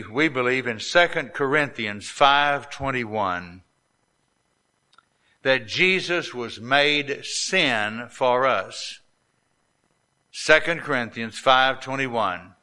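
A man preaching a sermon, reading scripture slowly and deliberately and lifting his voice on the quoted lines. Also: sharp tone. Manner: reads scripture slowly, rising in pitch and volume on quoted lines; drawn-out, deliberate delivery.

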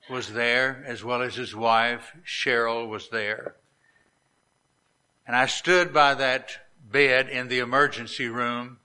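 A middle-aged man, a pastor, preaching a sermon and telling stories in an earnest, deliberate cadence. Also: mid-range voice, bright, forceful tone. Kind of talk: sermon storytelling.

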